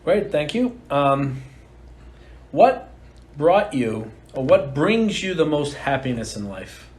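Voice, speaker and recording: Radio interviewer rephrasing a question. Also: male voice, on the high side, sing-song, slow, darkish tone. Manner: rephrases his questions as he asks them.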